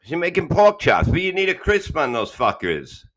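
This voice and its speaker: A man's voice: on the high side, wildly swooping pitch, moderate pace, a bit bright. A man hosting a live podcast, rambling through crude, profane banter with lots of restarts. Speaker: podcast host. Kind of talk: casual live podcast chat.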